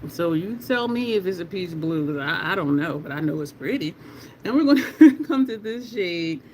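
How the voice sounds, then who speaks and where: An excitable, chatty beauty livestream host swatching makeup at home and talking straight to the chat. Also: mid-range voice, moderate pace, slight background noise. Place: at home in Delaware.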